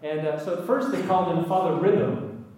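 A man's voice: sits high, normal speed, a little mellow, a little hiss or hum. A man giving an anecdotal public talk to an audience, earnest, with wry asides and emphatic lists. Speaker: speaker addressing an audience. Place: large echoey hall with an audience. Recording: echoey hall, voice from far off.

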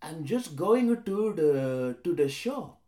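Young man, earnest, calm, measured, lively pitch, echoey room. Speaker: aspiring seminarian.

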